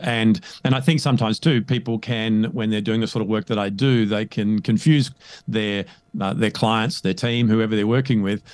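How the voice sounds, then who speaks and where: A man speaking as a coach in a conversational interview, emphatic and animated, often checking in with "right?". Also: lowish voice, dry recording. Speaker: guest, leadership coach.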